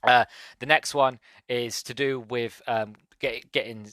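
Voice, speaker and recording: A man's voice: medium pitch, steady tone, measured pace, a bit bright, no echo. Rambling man reviewing a film. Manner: rambling, enthusiastic, many fillers and restarts. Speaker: podcast host. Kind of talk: casual movie review monologue.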